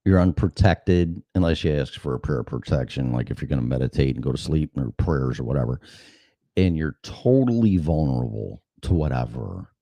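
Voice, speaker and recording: A middle-aged man with a low voice rambles through a profane personal story. His pitch leaps and dives as he talks. The sound is dry and close. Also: animated, moderate pace, warm tone, dry recording. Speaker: show host. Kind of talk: casual monologue.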